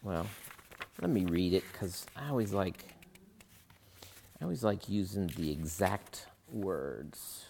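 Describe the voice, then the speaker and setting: Slow, conversational male preacher. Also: low-pitched, lively intonation, creaky, darkish tone, slight background noise. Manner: conversational, thinking aloud with fillers and asides. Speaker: pastor. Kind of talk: sermon.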